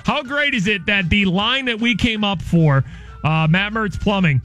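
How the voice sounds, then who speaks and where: A male morning radio host, energetic and playful, reading listener tweets at a studio microphone. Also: sits high, unhurried, soft background music.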